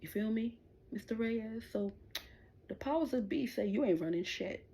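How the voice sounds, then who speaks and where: A woman's voice: fairly high pitch, lively intonation, normal speed, dark tone, a little hiss or hum. A middle-aged woman hosting a livestream, delivering an angry, profane, taunting rant straight at the people she is addressing. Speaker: livestream host.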